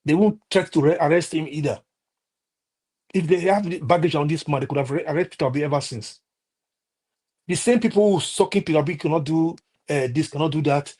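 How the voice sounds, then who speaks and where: A man's voice: fairly high pitch, brisk, darkish tone, husky. A man with a Nigerian accent delivering a heated, impassioned political rant on a live stream, repeating himself and restarting often. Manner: impassioned, repetitive, many restarts and fillers.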